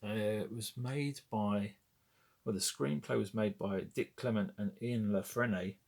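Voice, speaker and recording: A man's voice: lowish voice, steady tone, measured pace, vocal fry, a little mellow. A man in his forties from Britain, chatting casually and wryly about his film memorabilia, rambling and correcting himself as he goes. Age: 40s. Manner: rambling, self-correcting, wry. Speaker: collector showing memorabilia. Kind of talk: casual chat.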